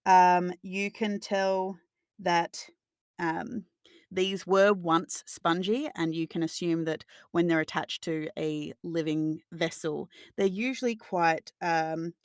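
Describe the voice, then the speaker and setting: A woman running a tabletop game, describing scenes at length with many pauses and filler sounds. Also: lowish voice, fairly even intonation, smooth, no room sound, clean studio sound. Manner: detailed, meandering descriptions full of filler sounds. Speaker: game master.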